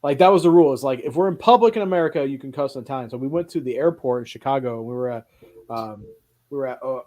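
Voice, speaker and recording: An animated man chatting casually on a film podcast. He tells stories with energy and swears freely. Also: mid-range voice, fast. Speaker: podcast co-host. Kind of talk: casual chat.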